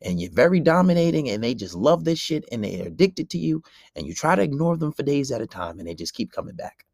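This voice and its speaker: Podcast host, male, brash and profane, preachy delivery, gravelly voice. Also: mid-range voice, sing-song, quick pace, darkish tone, no echo, clean studio sound. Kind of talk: solo podcast rant.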